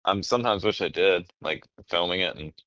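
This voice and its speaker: A man in casual podcast chat, telling rambling, animated stories and swearing often. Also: sits low, brisk, no room sound, muffled recording.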